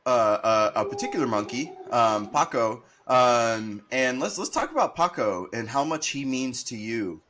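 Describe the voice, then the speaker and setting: A man's voice: mid-range voice, animated, measured pace, hardly any pauses, a bit bright, slight background noise. Easygoing enthusiastic male co-host. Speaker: podcast co-host. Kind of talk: casual interview chat.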